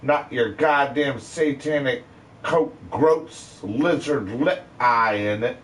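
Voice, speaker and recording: A man's voice: mid-range voice, takes it slowly, a bit bright. A man ranting bitterly to his live stream, full of cursing and rambling complaints.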